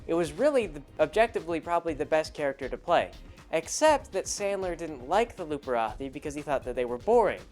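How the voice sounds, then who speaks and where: A man's voice: fairly high pitch, very animated, fast, darkish tone, soft background music. A man telling a rambling, casual story about a tabletop game, acting out the characters as he goes. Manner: rambling, with many fillers and restarts, acting out characters. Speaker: podcast host telling a story.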